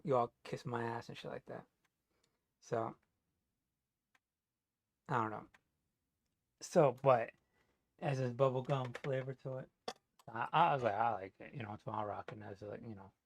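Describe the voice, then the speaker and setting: A man's voice: medium pitch, creaky, dry recording. A man from New Jersey telling a rambling, profane story in a casual monologue, full of "you know" fillers. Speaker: vlogger.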